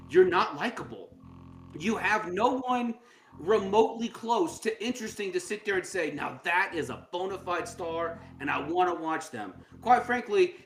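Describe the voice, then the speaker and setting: A man co-hosting a sports podcast, ranting sarcastically in casual banter. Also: high-pitched. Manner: sarcastic, mocking, does exaggerated voices. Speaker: podcast co-host. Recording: roomy with faint background noise.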